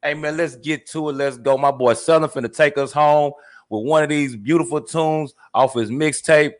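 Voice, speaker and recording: A man's voice: a little high, normal speed. A man co-hosting a podcast, talking casually and laid-back with lots of slang and "you know what I mean". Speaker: podcast co-host.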